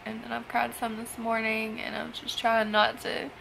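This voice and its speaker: Young woman vlogging, upset after crying, halting and sighing, gravelly voice, kinda flat. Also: on the high side, faint music behind, poor audio. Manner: tearful, halting, trails off with sighs. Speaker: foster parent vlogger. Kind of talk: emotional personal vlog.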